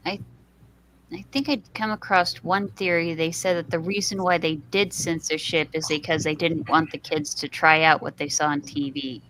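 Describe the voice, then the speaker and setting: Female panel guest, lowish voice, earnest and thoughtful. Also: fairly even intonation, moderate pace, fairly bright tone, slight background noise, low-quality recording. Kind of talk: casual panel chat.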